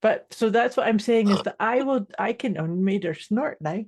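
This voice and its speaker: A woman's voice: mid-range voice, animated, moderate pace, a little mellow, slight background noise. A woman with a Scottish accent, a life coach chatting casually and telling stories on a podcast. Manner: chatty, laughs easily, storytelling.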